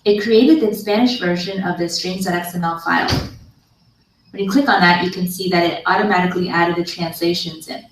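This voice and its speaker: A woman with a slightly low voice calmly narrates a programming tutorial. Her recording plays into a classroom, so it sounds echoey and distant. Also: a little fast, a little hiss or hum. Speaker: online course instructor. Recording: video played into a room, heard from far.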